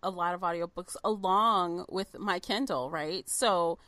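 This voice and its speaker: Host: a woman with a bright voice, dry close sound, attentive interviewer. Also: lowish voice, measured pace, dry recording. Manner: attentive, with short affirmations and laughs. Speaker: podcast host. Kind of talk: casual interview chat.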